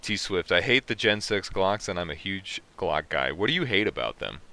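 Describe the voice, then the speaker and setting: A man's voice: deep voice, big pitch swings, moderate pace, gravelly, bright, forceful tone. A man hosting a casual livestream, reading chat comments aloud and answering them with profane jokes. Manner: profane, joking, reacting to chat. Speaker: livestream host.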